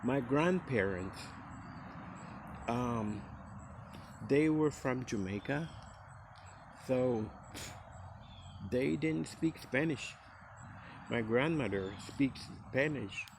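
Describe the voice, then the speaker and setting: A man's voice: medium pitch, lively intonation, very slow, gravelly, long pauses, noisy background. A middle-aged man from Costa Rica with a Costa Rican Caribbean Creole English accent, rambling easily in a casual recorded message. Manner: rambling and easygoing, with many fillers. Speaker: speaker sending a recorded message to a friend.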